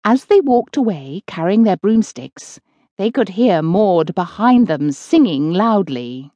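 A woman narrating a children's audiobook in an unhurried, expressive storytelling manner, in a close dry studio recording. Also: mid-range voice, dry recording, dull audio.

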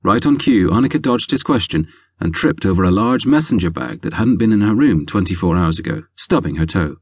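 Romance audiobook narrator, male, deep and wry, close dry studio sound. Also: fairly quick, husky, dry recording. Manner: lively, wry storytelling. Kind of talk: scripted narration.

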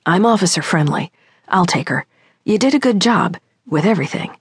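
A woman's voice: lowish voice, lively intonation, normal speed, breathy edge, dry recording. A woman voicing a tall male police officer with a dry, lightly amused manner.

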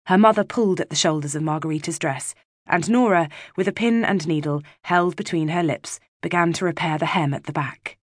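Low, dry-voiced woman narrating a novel. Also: a little fast, no echo. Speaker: audiobook narrator. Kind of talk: scripted narration.

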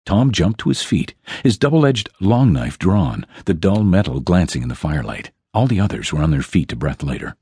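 A man narrating an epic fantasy audiobook in an extremely deep, husky voice that moves widely in pitch as he tells the story. The sound is close and completely dry. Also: sing-song, brisk, few pauses, dark tone, no room sound.

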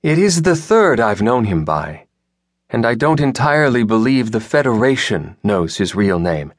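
A male audiobook narrator voicing a senior admiral who speaks in a measured, apologetic but firm way, recorded dry in a studio. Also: mid-range voice, sing-song, no room sound, pitched above the performer's own voice.

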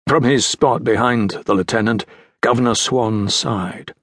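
A man narrating a children's adventure audiobook in a measured storytelling delivery. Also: medium pitch, fairly bright tone, no echo, clean studio sound. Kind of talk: scripted narration.

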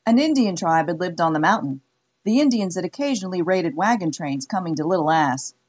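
A woman narrating an audiobook in a measured, wry way. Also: on the low side, expressive, darkish tone, slightly rough, dull audio. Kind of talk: scripted narration.

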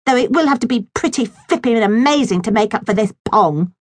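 A woman's voice: lively intonation, brisk, dry recording. A woman voicing a spoiled, complaining young girl in a children's audiobook. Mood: sulky. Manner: shrill, complaining. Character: whiny spoiled young girl, fussy and sulky.

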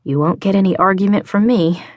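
A woman reading an audiobook voices a caring young woman who speaks softly and is gentle but firm. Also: mid-range voice, fairly quick, no room sound, voice pushed up, lightly acted. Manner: soft-spoken, caring.

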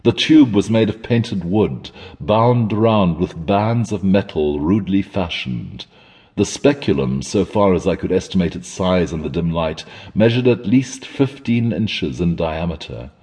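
A man narrating a classic horror story in a measured, dramatic storytelling manner. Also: low voice, lively intonation, darkish tone, husky, big-room sound. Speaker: audiobook narrator.

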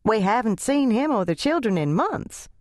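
A woman voicing a skinny, fussy older church lady who speaks in high, fluttery exclamations. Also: big pitch swings, moderate pace, darkish tone, dry recording, clean studio sound. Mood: astonished.

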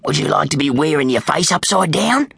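A man's voice: fairly high pitch, expressive, fairly quick, creaky, fairly bright tone, slightly rough, no room sound, exaggerated voice. A man playing a surly, threatening young gladiator. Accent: Australian. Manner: threatening, curt.

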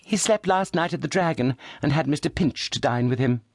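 A man doing a shrill, snappish young woman. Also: fairly quick, a little mellow, no room sound, studio quality. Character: sharp-tongued young woman, the elder daughter.

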